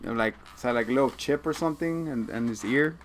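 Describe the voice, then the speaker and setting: A man's voice: mid-range voice, quick pace, noisy background. A man co-hosting a casual podcast who recaps a TV episode in a loose, joking way, swearing and acting out the characters. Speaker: podcast co-host.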